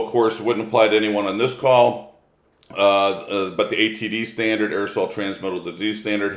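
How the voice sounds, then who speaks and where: A middle-aged man giving a casual webinar lecture as presenter, folksy and joking. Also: on the low side. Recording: echoey room.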